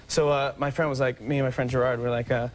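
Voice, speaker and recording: A young man in his twenties, a talk show guest, telling stories in an excitable way that keeps breaking into laughter and sudden loud, high impressions. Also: fast. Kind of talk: casual storytelling with impressions.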